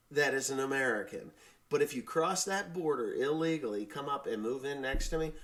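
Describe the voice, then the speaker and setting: A man with a mid-pitched voice gives his opinions on a casual vlog. He rambles, restarts his sentences and swears freely. His pitch swings widely as he rants. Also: expressive, moderate pace. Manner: blunt, ranting, swearing. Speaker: farmer and YouTuber.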